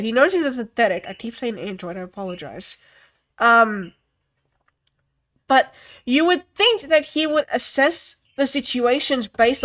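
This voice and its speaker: A young woman reviewing a film in a casual, animated rant, swearing freely and filling pauses with "like" and "um.". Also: a little high.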